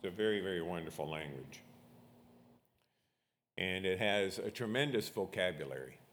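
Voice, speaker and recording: A man's voice: low voice, expressive, moderate pace, slight background noise. A man preaching a sermon as pastor, leading a prayer and explaining scripture with rising emphasis. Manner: prays quietly, then preaches with rising emphasis.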